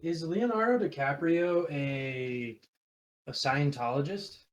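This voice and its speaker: A man's voice: on the high side, slow pace. A young man co-hosting a podcast, chatting casually and telling stories with a playful, giggly manner. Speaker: podcast co-host. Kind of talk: casual chat.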